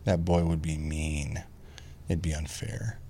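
A man in his thirties chatting casually as a podcast guest, telling family stories animatedly, swearing freely and mimicking squeaky kid voices. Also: steady tone, slow, creaky, mellow, breathy edge. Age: 30s. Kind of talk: casual chat.

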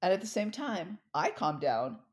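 A middle-aged woman telling a personal story in a talk, expressive and acting out the dialogue she recalls. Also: lowish voice, moderate pace. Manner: expressive, acts out quoted dialogue. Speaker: speaker.

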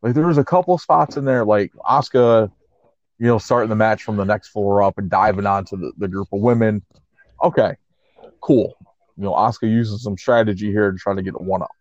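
A laid-back man co-hosting a podcast, his voice sitting low. He laughs easily and leans on "like" as he talks. The sound is dry and a bit muffled and lo-fi. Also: a little fast, no echo. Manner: laid-back, laughs often, peppers speech with "like". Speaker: podcast co-host. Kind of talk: casual chat recapping wrestling. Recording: muffled lo-fi audio.

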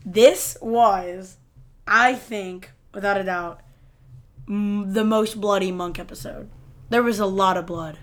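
A woman co-hosting a podcast, reviewing TV episodes in a relaxed, conversational way with frequent filler words. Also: mid-range voice, takes it slowly. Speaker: podcast co-host. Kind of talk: casual chat reviewing TV episodes.

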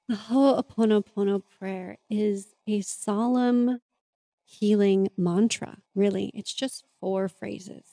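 A woman's voice: mid-range voice, steady tone, slow pace, dark tone, no room sound. A woman hosting a podcast, talking in an earnest, open and confessional way in a reflective monologue. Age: adult parent. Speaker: podcast host and mentor.

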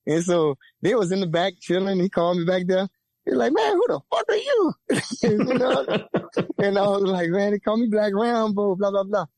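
A young man from Louisiana with a Louisiana accent, telling a profane, lively story as a podcast guest and acting out the voices of the people in it. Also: moderate pace, dry recording. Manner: lively, profane, acts out quoted voices with big pitch jumps. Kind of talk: animated storytelling.

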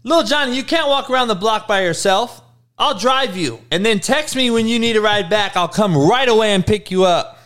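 A man playing an overly gentle modern parent who talks in a soft, coaxing, patient way. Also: sits high, lively intonation, moderate pace, pitched above the performer's own voice.

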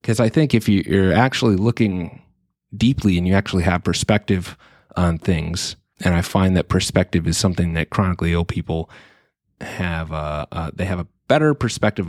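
A man's voice: low-pitched, a little mellow, no room sound, studio quality. A man in his thirties hosting a podcast, speaking earnestly in a reflective solo monologue and thinking aloud with frequent restarts.

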